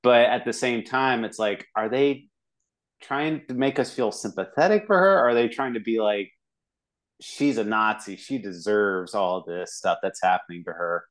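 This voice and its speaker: Low-voiced man rambling about a movie. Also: normal speed. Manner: rambling, many restarts and fillers. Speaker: podcast co-host. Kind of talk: casual movie review chat.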